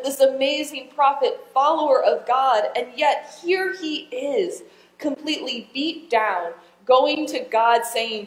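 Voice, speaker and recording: Woman pastor, slightly high voice, chatty sermon full of questions to the pews, roomy church sound. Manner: conversational, asks the congregation questions.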